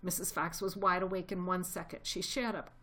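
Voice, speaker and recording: Woman, storybook read-aloud, somewhat low voice, gently expressive. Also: brisk. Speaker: narrator.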